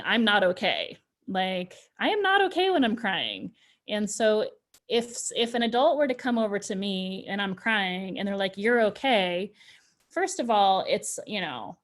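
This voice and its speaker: Speaking at a measured pace in a mid-range, slightly bright voice with wide pitch swings, a woman leads a parenting workshop. It's an informal, conversational talk for parents, full of fillers like "you know" and frequent restarts.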